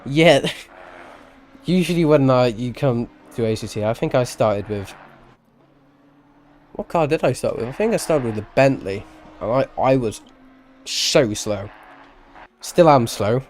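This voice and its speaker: A man's voice: medium pitch, measured pace, long pauses, a little mellow, slight background noise. A man giving live-streamed sim racing commentary, chatty and rambling, with self-deprecating asides and a tired edge.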